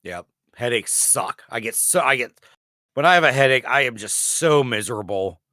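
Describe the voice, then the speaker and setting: Male podcast co-host, easygoing and agreeable, expressive pitch, dry close mic. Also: no echo. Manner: easygoing, quick to agree and laugh along. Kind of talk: casual chat.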